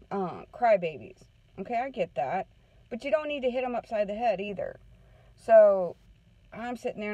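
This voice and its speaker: In a warm, medium-pitched voice, a woman who works as a parenting counselor chats her way through a story during a relaxed morning talk, often asking "okay?" to check on her listeners. The recording is close, dry, and dull.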